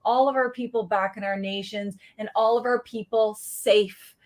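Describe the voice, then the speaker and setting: A woman's voice: medium pitch, fairly even intonation, normal speed, a little mellow. A middle-aged woman from Canada, a guest in a casual interview, telling stories in an earnest, encouraging way.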